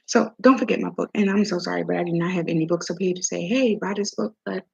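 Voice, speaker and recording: Middle-aged woman from maryland just chatting, husky kinda gravelly voice, dull lo-fi sound. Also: on the low side, steady tone, fast, darkish tone. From Maryland, USA. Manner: chatty storyteller acting out dialogue. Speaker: host. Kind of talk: casual chat.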